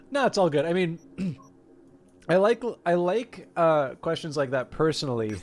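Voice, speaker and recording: A man's voice: on the high side, expressive, a little slow. A man streaming a game, chatting casually and rambling with many fillers and restarts. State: mouth full of food. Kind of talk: casual live-stream chat.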